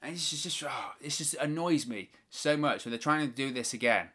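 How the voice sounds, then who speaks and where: Bright-voiced man calling wrestling live. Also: medium pitch, animated, a little fast, husky. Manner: opinionated, exasperated rants. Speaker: watch-along host.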